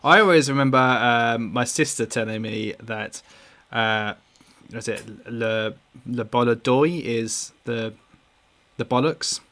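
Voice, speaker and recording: A man hosts a casual podcast with friends, his voice bright and forward. He rambles through jokey asides and swears freely. His pitch sits in a middle range. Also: takes it slowly. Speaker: podcast host and dungeon master. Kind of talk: casual chat among friends.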